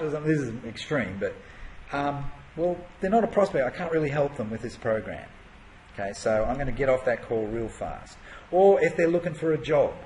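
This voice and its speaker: A man's voice: fairly high pitch, lively intonation, moderate pace, pauses often, darkish tone, slight background noise, poor audio. A man teaching an online marketing course in a conversational way, full of rhetorical questions and fillers. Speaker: internet marketing coach.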